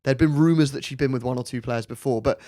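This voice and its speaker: A man hosting a podcast, telling a story in a relaxed, chatty way with laughing asides. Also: mid-range voice, fast, no room sound. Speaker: podcast host. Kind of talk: casual storytelling chat.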